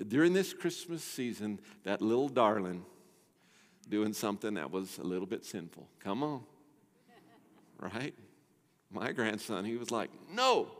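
Older male pastor, sermon, emphatic, rhetorical questions, long church reverb. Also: mid-range voice. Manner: emphatic preacher, rhetorical questions, dramatic swings in volume. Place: church sanctuary.

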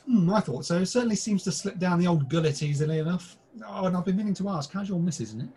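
A man's voice: sits high, animated, quick pace, dark tone, slightly rough. A British man co-hosting a comedy podcast, delivering crude, mock-formal pub banter in a theatrical manner. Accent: British English. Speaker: podcast co-host. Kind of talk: scripted comic pub banter.

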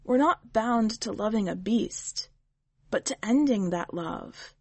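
A woman voicing a shrewd, wry witch who speaks patiently and gently, like a teacher, in a storybook reading. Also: on the high side, measured pace, breathy edge, dry recording. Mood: teacherly.

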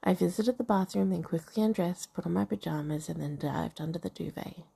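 Brief: woman reading a romance novel aloud, gravelly, dark tone, chatty asides. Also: lowish voice, fairly quick. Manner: reads dialogue and narration, breaks off to comment and laugh. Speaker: reader of a novel.

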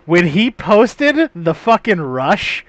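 High-voiced excitable swearing man. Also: takes it slowly, no room sound, highs cut off. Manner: excitable, laughing, heavy swearing. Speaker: podcast co-host. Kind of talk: casual chat.

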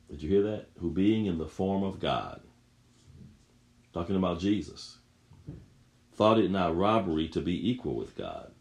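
A man's voice: low-pitched, big pitch swings, a little slow, creaky, pauses often, a little mellow. A man preaching a sermon, reading scripture aloud and repeating phrases with rising emphasis.

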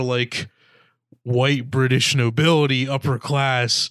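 A man's voice: mid-range voice, level tone, measured pace, a bit bright, smooth, no room sound, studio quality. A man in casual chat reviewing a movie, rambling with lots of "like" and mock-quoting characters. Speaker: podcast co-host.

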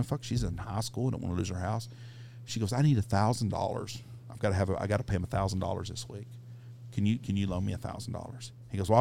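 A middle-aged man hosting a podcast, telling a crude anecdote in a casual, profane, animated way. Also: deep voice, gravelly, slight background noise. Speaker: podcast host. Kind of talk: casual storytelling.

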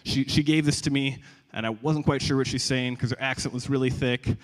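A young man preaching a sermon in a conversational, animated way, often stumbling and repeating words. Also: medium pitch, fairly quick. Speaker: pastor. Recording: long reverb of a large hall.

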